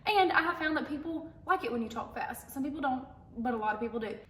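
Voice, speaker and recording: A woman's voice: high-pitched, lively intonation, roomy sound. A young woman, a content creator and stay-at-home mom, answering viewer questions in a chatty, candid way to camera. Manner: chatty, candid, quick-talking. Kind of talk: casual Q and A talk to camera.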